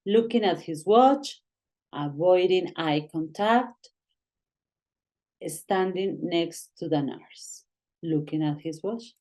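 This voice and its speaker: Woman English teacher, low voice, slow and halting delivery, non-native speaker. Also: lively intonation, a little mellow. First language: Spanish. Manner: slow, halting, reads exercise lines aloud. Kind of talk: online English grammar lesson.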